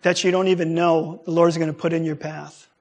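A middle-aged man preaching a sermon, telling a personal story with animated delivery and acting out the voices of people he quotes. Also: a little high, fairly quick, dull audio.

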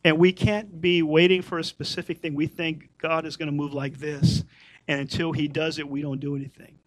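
A man's voice: a little high, little pitch movement, normal speed, poor audio. A middle-aged man giving an informal Torah teaching, talking conversationally and repeating his points for emphasis.

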